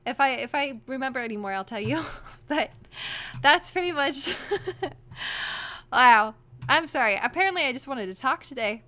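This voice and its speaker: A young woman vlogging, telling a story to her camera in a chatty, animated way full of "like" fillers. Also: high voice, normal speed, pauses often. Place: home room, wearing a costume.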